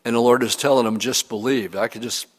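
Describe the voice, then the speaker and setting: A man preaching a sermon as pastor, reading scripture aloud and explaining it in an earnest, expressive way with pauses. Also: mid-range voice. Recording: long hall reverb.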